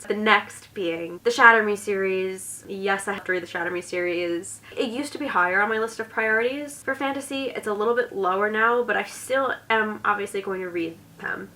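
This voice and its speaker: A young woman with a New Jersey accent and some vocal fry, chatting casually about books and reading back-cover blurbs aloud, with lots of "like" fillers. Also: medium pitch, normal speed, hardly any pauses, sharp tone, slight background noise, rough recording. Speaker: book vlogger. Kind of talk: casual book talk with read-aloud blurbs.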